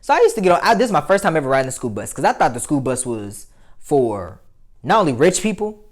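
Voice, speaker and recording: A man telling a casual story to his viewers, animated and profane, swinging between loud outbursts and muttered asides. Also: fairly high pitch, fast. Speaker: vlogger.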